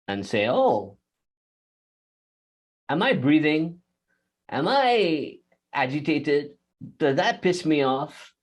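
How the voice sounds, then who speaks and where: Lively man teaching on a video call. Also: on the low side. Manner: animated, acts out inner voices, laughs often. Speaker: guest teacher. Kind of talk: spiritual interview talk.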